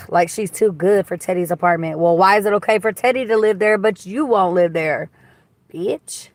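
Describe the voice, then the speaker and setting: A woman chats her way through a livestream from a car, talking into a phone at a middle pitch. She is blunt and gossipy, swears freely and answers viewer comments as they come in. The sound is dry and close, with no room echo. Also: moderate pace. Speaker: livestream host. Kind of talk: casual live-stream chat reading comments. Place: inside a car.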